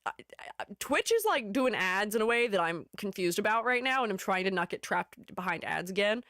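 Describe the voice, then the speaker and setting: A woman's voice: mid-range voice, animated, a little fast, a bit bright, no echo, studio quality. A woman streamer chatting casually and rambling with her audience, giggling often. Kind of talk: casual live-stream chat.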